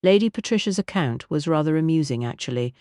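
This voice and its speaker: A man reading an audiobook in a measured, wry storytelling manner. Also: a little high, lively intonation, a little mellow, no echo, clean studio sound. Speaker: audiobook narrator. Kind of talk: scripted narration.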